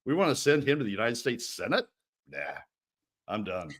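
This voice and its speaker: A man's voice: medium pitch, very animated, normal speed. A man as a radio guest on policy, fervent and repetitive, his voice jumping up when angered. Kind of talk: political talk radio commentary.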